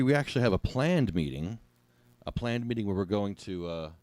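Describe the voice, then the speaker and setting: A man's voice: lowish voice, expressive, brisk, a little mellow, dry recording. A man at home rambling and joking to himself during a live-streamed online meeting. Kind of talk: casual live-stream chat.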